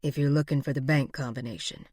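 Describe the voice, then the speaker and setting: Woman doing a deep, controlled frontier sheriff. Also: fairly even intonation, a little mellow, slightly rough, dry recording, clean studio sound. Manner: low, controlled and measured.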